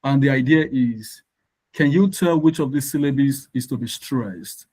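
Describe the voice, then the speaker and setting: A man, tutoring English in a live online lesson, explaining slowly and repeating words for emphasis. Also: medium pitch, a little mellow, husky, low-quality recording.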